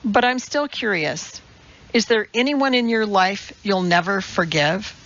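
Woman reader voicing a blunt, questioning young woman, slow and gravelly. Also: medium pitch, a bit bright, highs cut off. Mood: curious. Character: sharp, anxious young woman scientist.

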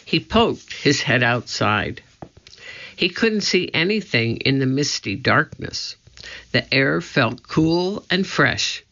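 Slow, gravelly man narrating a storybook. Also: mid-range voice, sing-song, sharp tone. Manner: slow, measured, suspenseful reading. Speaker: audiobook narrator. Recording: dull lo-fi recording.

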